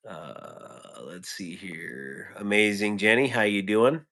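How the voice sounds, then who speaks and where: A man's voice: fairly low pitch, expressive, slow, bright, forceful tone. A man hosting a casual live stream from home on his phone, greeting viewers by name with rambling, joking asides.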